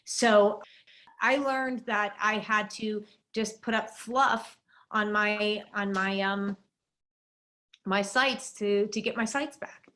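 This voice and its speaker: A woman's voice: mid-range voice, steady tone, takes it slowly, a bit bright. A woman guest on a talk panel, telling an indignant story about being censored online.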